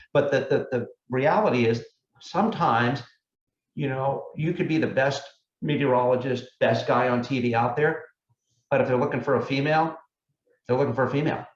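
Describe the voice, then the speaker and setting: A man speaking as a meteorologist guest in a casual interview, measured and reflective as he explains things. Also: medium pitch, roomy sound, highs cut off.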